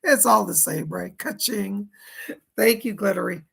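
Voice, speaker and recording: A hoarse man runs a live psychic reading stream. His voice is deeply gravelly and rough, almost all rasp. He chats as he passes on spirit messages and thanks viewers by name. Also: measured pace, a bit bright. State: dry throat, hoarse.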